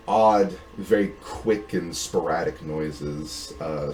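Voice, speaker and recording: A man with a very low voice narrates as game master, stopping and restarting often and filling gaps with "um" and "like." The room is echoey, and a faint hum sits underneath. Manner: halting, many fillers and restarts.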